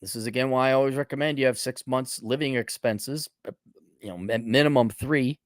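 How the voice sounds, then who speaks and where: A man's voice: mid-range voice, brisk, dry recording, studio quality. A man hosting a blunt, sarcastic advice monologue, with casual profanity. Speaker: host.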